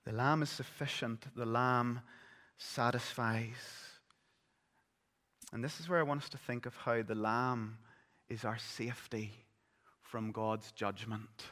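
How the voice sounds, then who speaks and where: A man preaching a sermon, telling the story vividly and swinging between loud, urgent passages and hushed ones. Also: medium pitch, steady tone, slow. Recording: long reverb of a large hall.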